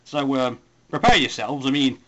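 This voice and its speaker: A young man chats at an easy middle pitch, wandering from one tangent to the next. He mocks himself as he goes, in a loose, casual spoken post. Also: normal speed, lo-fi sound. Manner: rambling, self-mocking, puts on silly voices. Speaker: forum voice poster.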